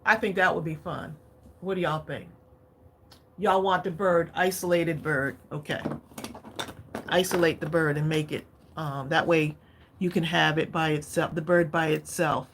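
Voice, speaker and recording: A woman's voice: low voice, steady tone, measured pace, a bit bright, a little hiss or hum. A woman hosting a craft livestream, chatting casually and often asking viewers what they think. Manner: chatty, keeps asking viewers their opinion.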